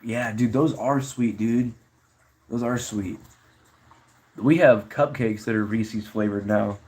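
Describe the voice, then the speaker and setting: A man's voice: fairly low pitch, fairly even intonation, slow, darkish tone. A young man casually chatting on a live stream, reading chat messages aloud and answering them in a laid-back way.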